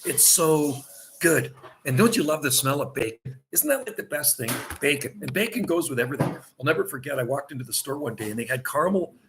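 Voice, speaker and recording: A man's voice: fairly high pitch, animated, fairly quick, very noisy. A middle-aged man chatting casually on a livestream from a seaside vacation home, rambling and laughing often.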